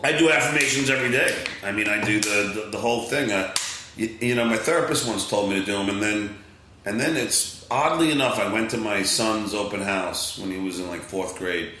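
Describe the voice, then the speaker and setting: A middle-aged man with a Long Island accent, a podcast guest telling an animated story, excitable, acting out other voices, full of fillers and restarts. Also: on the low side, fairly quick, very echoey, a little hiss or hum, poor audio.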